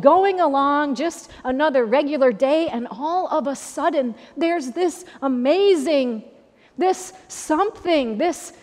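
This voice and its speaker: A woman pastor giving a sermon in a conversational, repetitive preaching style, with an Upper Midwest American accent. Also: high-pitched. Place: church sanctuary. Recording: long church reverb.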